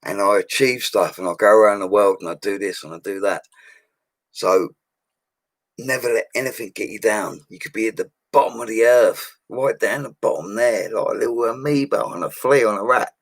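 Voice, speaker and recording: Chatty bloke, low and dry. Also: male voice, brisk, no room sound. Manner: chatty and upbeat, laughs a lot, slangy. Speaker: livestream host reading viewer comments. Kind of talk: casual live chat. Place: home studio.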